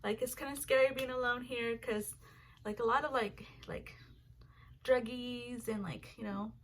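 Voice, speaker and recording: Young female vlogger, slightly high voice, casual rambling storytelling with filler words and cursing, faint noise in the background. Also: fairly even intonation, unhurried.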